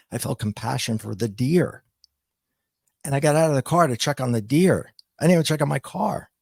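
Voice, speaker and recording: A middle-aged man, a podcast guest, telling a personal story in a reflective, halting way with frequent restarts. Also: on the high side, gravelly, a little mellow, breathy edge, no echo.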